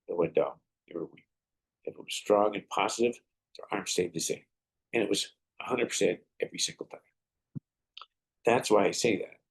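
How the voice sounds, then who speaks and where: Male podcast host, husky and low-voiced, earnest storyteller with preacherly advice. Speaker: podcast host and martial arts teacher. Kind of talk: motivational podcast monologue.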